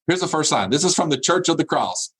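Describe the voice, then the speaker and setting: Animated man giving a keynote. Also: fairly high pitch, fast talker, husky, poor audio. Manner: laughs often at his own jokes, repeats phrases for emphasis. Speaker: keynote speaker. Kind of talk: humorous keynote speech.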